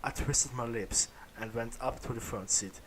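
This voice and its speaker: A man's voice: mid-range voice, fairly even intonation, normal speed, slight background noise. Man reading aloud, stumbling. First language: German. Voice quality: stumbling over words, breaking into laughter. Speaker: reader. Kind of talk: reading fan fiction aloud.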